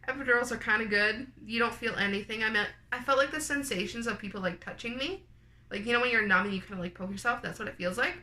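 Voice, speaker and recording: Young canadian woman vlogging, chatty, says like a lot, bright clear voice. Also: mid-range voice. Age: young adult. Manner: chatty, lots of "like", quoted dialogue. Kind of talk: personal storytelling to camera.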